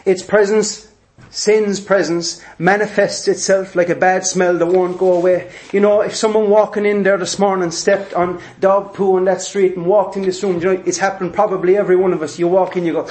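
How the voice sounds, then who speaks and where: A man delivers a sermon in a fairly high voice. He hammers key lines through repetition and acts out the voices he quotes. He speaks to a gathered congregation. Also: flat delivery, normal speed, a little mellow. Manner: emphatic, repeats phrases, acts out quoted voices. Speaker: preacher. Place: church hall with congregation.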